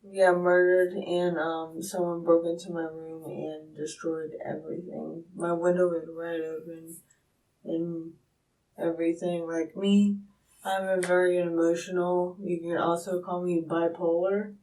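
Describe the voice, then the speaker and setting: A young woman in her twenties, sedated and slurring, answering questions in a police interview room, halting and trailing off. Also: lowish voice, flat delivery, darkish tone. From Florida, USA. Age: 20s. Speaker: suspect being questioned. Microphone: room recording device. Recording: distant room recording.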